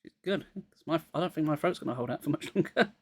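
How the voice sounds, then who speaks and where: A man's voice: a little high, lively intonation, fast. A man getting over a cold, reading a children's horror book aloud live and dropping wry jokes between passages.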